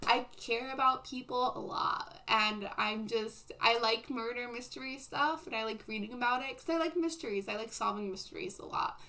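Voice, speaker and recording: A young woman with a bright, fairly high voice chats casually with her stream's viewers. She rambles and laughs often and fills her speech with "like" and "um." It sounds like an easygoing livestream. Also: normal speed, few pauses. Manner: filler-heavy, says "like" and "um" a lot.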